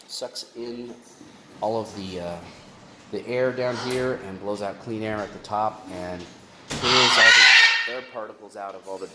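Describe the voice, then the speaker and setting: A man walking through the bird room in his house. He gives a casual vlog tour with lots of fillers and restarts, and coos at his birds in high baby talk. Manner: chatty, with many fillers and restarts. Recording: constant room noise with clicks.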